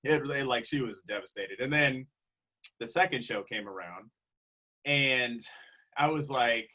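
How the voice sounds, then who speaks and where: A man, a comedian guest, telling a road story in a casual, animated way with frequent laughs. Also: mid-range voice, measured pace.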